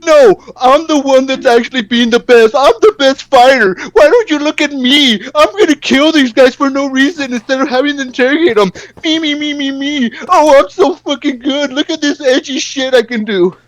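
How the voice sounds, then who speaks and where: A man mockingly voicing a whiny, bratty male ninja warrior who brags about himself in a high, sneering whine. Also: moderate pace, hardly any pauses, no echo. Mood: whiny boasting.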